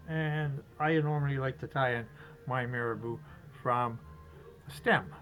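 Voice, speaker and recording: A man's voice: medium pitch, a little slow, fairly bright tone, rough recording. Chatty man tying flies. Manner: chatty, talks to himself while working, chuckles. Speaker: fly-tying instructor. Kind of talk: casual step-by-step demonstration.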